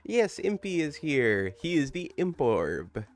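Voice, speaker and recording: A man's voice: fairly high pitch, big pitch swings, takes it slowly, soft background music. A man hosting a casual live game stream, upbeat and playful, chatting with his co-host and his viewers. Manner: upbeat, playful, reads game text aloud. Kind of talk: casual live-stream chat while gaming.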